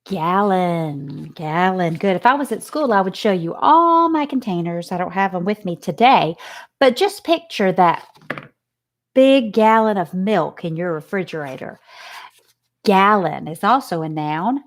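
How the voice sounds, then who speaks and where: A woman's voice: on the low side, expressive, unhurried. A woman teacher giving a remote lesson to young children, patiently sounding out letters and words. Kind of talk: remote phonics and math lesson.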